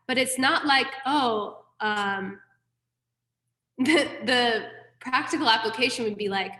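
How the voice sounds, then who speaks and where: A woman gives a Buddhist class at an unhurried pace, her voice a little high. She talks frankly and casually and drops in self-mocking asides. The room around her is echoey. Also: sharp tone. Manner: frank, candid teaching with mild profanity and self-deprecating asides. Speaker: Buddhist teacher. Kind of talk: dharma class lecture.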